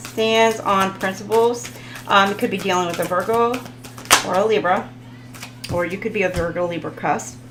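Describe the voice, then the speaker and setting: A woman's voice: lowish voice, fairly quick, background noise. A woman hosting a casual live tarot reading, chatting with viewers, laughing often and stumbling over foreign words. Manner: talks to viewers in the chat.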